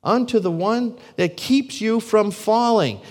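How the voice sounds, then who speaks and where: A pastor delivers his sermon in a somewhat high male voice, firing off rhetorical questions at his listeners. He swings between loud, ringing emphasis and hushed near-whispers. A long reverb trails each phrase, as in a large church sanctuary. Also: takes it slowly.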